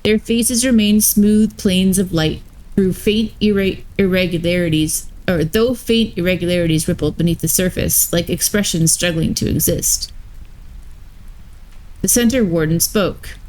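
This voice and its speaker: Woman streamer reading a story live, unhurried, lowish voice. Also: a little mellow, low-quality recording. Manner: slow, measured reading with brief asides to chat.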